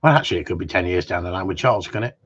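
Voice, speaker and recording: A man's voice: low voice, animated, racing, fairly bright tone, husky. A man hosts a live stream as a dog trainer, chatting casually and joking while he answers viewers' questions. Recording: dull lo-fi stream audio.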